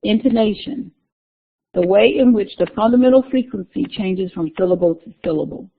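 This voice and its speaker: A woman teaching a class in an easy, conversational way, going back over key terms and walking through slides as she goes. Her voice has a gravelly edge. The recording sounds thin and tinny, like a phone line. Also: medium pitch, moderate pace, slight background noise. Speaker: instructor. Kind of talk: recorded lecture.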